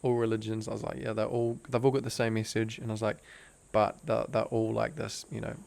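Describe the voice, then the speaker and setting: With a lowish, darkish voice edged by vocal fry, a young Australian podcast guest tells a personal story at a fairly quick clip. His delivery is completely flat yet earnest and intense, full of "like" fillers, in a casual storytelling interview.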